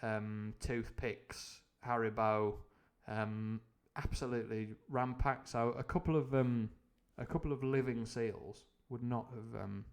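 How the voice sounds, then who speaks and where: A man with a voice of ordinary, middling pitch reads a novel aloud to a live audience. He keeps breaking off for rambling, self-mocking tangents, padded out with ums and uhs, and then slips back into the text. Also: fairly even intonation, a little slow, few pauses. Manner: rambling and jokey, full of tangents and fillers. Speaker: streamer reading a novel aloud. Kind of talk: live book reading with comic asides.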